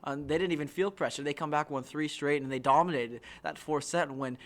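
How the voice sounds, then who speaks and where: A man's voice: on the high side, a little fast. A man co-hosting a sports podcast in a studio, upbeat and asking his co-host questions. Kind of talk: casual sports chat. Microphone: studio microphone.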